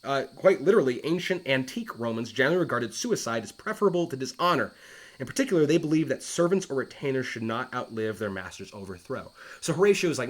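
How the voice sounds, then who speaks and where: A man talks through a Shakespeare scene in a relaxed, conversational lesson. He reads the old lines aloud, then restates them in plain modern words. His speech is loose and chatty, with fillers and restarts throughout. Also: medium pitch, fast. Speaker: teacher explaining Shakespeare. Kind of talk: casual explanatory lesson reading aloud.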